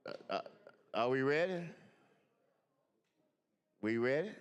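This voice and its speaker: A man's voice: mid-range voice, lively intonation, takes it slowly, smooth, lo-fi sound. A man, a state senator speaking informally at a floor microphone, loose and rambling with many restarts. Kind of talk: informal remarks on the chamber floor. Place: large legislative chamber. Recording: long reverb of a large hall.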